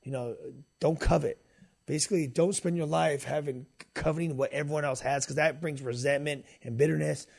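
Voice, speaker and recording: A man's voice: a little high, fairly even intonation, brisk, vocal fry, darkish tone, husky, no room sound. Earnest man with a dry close sound. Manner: earnest, many fillers and restarts. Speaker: podcast guest, singer. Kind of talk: casual faith talk.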